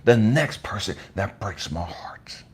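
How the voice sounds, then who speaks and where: Raspy breathy guy preaching hard, cussing, goes from whisper to yelling, super animated. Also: on the low side, slow pace. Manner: intense, swinging between hushed whispers and raised outbursts; profane, blunt street talk. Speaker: motivational speaker. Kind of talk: impassioned motivational monologue.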